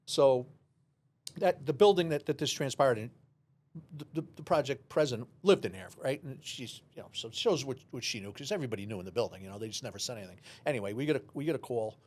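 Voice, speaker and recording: A man, a former police officer, telling a lively story in an interview and acting out the voices. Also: mid-range voice, fast. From New York City. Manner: animated storyteller, acts out dialogue, many restarts.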